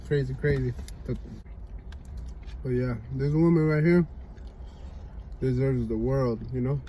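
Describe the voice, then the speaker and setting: A man's voice: medium pitch, measured pace, pauses often, dark tone, low-quality recording. A young man chatting casually on a couple's vlog, laid-back and leaning on "you know?" after nearly every thought. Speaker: vlogger. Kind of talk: casual chat. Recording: light background noise.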